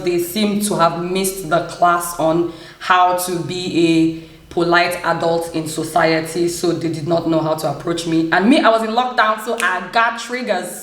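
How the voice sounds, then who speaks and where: A young woman with a Nigerian English accent, telling a personal story to camera, animated and laughing often. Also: on the low side. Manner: animated, laughs often, acts out quoted voices. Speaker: vlogger. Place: room in a flat in Germany. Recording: echoey room.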